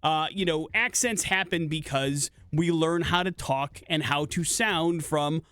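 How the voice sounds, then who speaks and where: A man's voice: on the high side, a little slow, fairly bright tone. A man from the Midwest hosting a morning radio show in a casual, rambling way, full of fillers and restarts. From American Midwest. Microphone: studio microphone.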